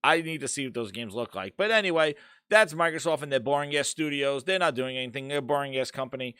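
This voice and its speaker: A man hosting a casual gaming podcast, ranting loudly and swearing as he talks through the news. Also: medium pitch, fast, clean tone, no echo, studio quality. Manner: ranting, profane, animated. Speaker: podcast host.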